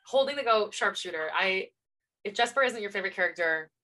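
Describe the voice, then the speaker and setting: A woman's voice: medium pitch, expressive, brisk, bright, forceful tone, low-quality recording. A woman co-hosting a podcast in casual chat, gushing with enthusiastic fan talk. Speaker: podcast co-host.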